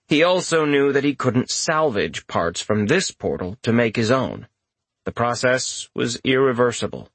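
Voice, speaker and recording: A man narrating a fantasy audiobook with expressive, animated delivery. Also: medium pitch, no room sound. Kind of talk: scripted narration.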